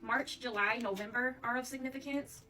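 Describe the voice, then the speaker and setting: High-voiced chatty woman tarot reader. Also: fairly even intonation, fairly quick, bright, forceful tone, recorded from a distance, low-quality recording. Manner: chatty, often addresses listeners as "Divine Collective". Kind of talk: casual intuitive tarot reading.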